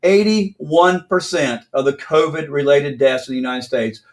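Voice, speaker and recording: A man hosting a casual news commentary video from South Carolina, talking in a brisk, opinionated, ranting way. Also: on the high side. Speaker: host.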